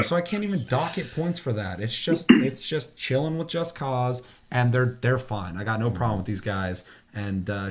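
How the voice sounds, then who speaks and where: A man in his thirties co-hosting a casual gaming podcast, ranting with heavy profanity. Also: medium pitch. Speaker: podcast co-host.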